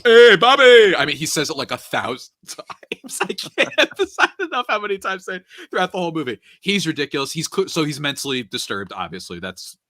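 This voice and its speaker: Animated, bright-toned man retelling a movie. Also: fairly high pitch, a little fast, hardly any pauses, dry recording, studio quality. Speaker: podcast speaker. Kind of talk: casual chat.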